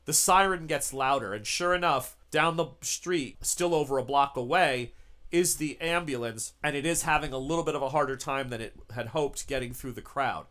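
A man's voice: mid-range voice, moderate pace, fairly bright tone. A man running a tabletop role-playing game, narrating scenes in a loose, conversational way with plenty of fillers. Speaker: game master.

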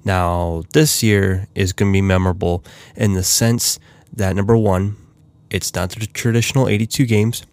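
Deep-voiced man rambling about hockey. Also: fairly even intonation, normal speed, a little mellow, no echo. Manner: rambling, many fillers and restarts. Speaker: hockey podcast host. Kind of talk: casual solo hockey talk.

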